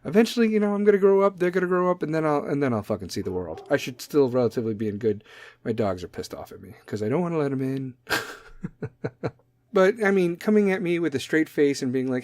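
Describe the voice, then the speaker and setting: A man's voice: on the high side, animated, brisk, darkish tone, dry recording, studio quality. A man in his thirties hosting a podcast, ranting in a blunt, sarcastic way and swearing constantly. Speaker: podcast host. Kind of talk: profane comedic rant.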